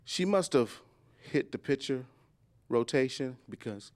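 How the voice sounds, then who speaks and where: A man in his forties doing a stand-up comedy story, jumping into high squeals when he acts out quotes. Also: unhurried. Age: 40s. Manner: animated, jumps into high squeals acting out quotes.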